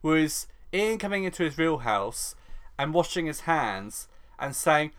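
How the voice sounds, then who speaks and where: Woman podcaster, low, expressive, lots of mock voices and laughs. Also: a little slow. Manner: animated, acts out characters in mock voices, laughs often. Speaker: podcast co-host. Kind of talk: casual chat recapping a soap.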